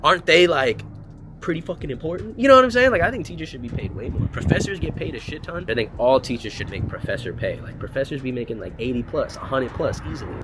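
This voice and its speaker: A man's voice: mid-range voice, lively intonation, fast talker. A man in his twenties from the United States, talking in a casual, rambling vlog monologue, profane and joking, with lots of "like" and "you know". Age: 20s. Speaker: vlogger. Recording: noisy outdoor street ambience.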